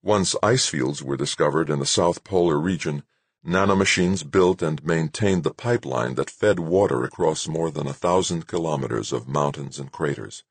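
Super deep husky guy narrating an audiobook, steady, dry close mic. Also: moderate pace, no room sound. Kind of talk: scripted narration.

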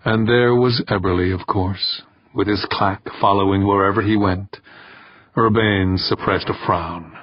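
A man reading a novel aloud in a steady, measured narration. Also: on the low side, no echo. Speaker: audiobook narrator. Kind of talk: scripted narration. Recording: dull lo-fi dry recording.

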